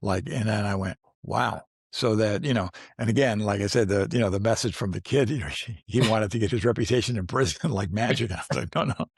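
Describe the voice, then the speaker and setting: A man's voice: on the low side, a little fast, gravelly, few pauses, slightly rough, no echo, clean studio sound. Older man telling rambling stories. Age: 60s. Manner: rambling, restarts often, laughs while telling stories. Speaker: actor guest. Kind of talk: casual storytelling interview.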